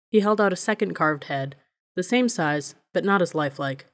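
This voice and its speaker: A woman reading a novel aloud as an audiobook narrator, in a steady, even storytelling manner. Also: sits low, fairly quick. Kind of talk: scripted narration.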